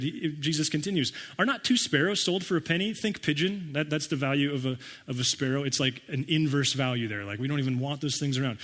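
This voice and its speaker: A pastor preaching a conversational sermon, acting out listeners' reactions with wry humor. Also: male voice, on the high side, fast talker, a bit bright, in a large hall. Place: church sanctuary.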